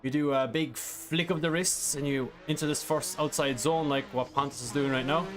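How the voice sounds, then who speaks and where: A man's voice: fairly high pitch, steady tone, normal speed, over music. A man streaming a driving game, reading chat questions and explaining a track in a casual, rambling way. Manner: casual, rambling, many fillers. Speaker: sim racing streamer.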